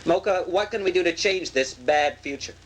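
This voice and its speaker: An actress playing a giggly, theatrical trance medium who coaxes a spirit to speak in a comic séance. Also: female voice, on the low side, normal speed, slight background noise, close to an everyday voice, rough recording. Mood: coaxing. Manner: animated, giggling, coaxing.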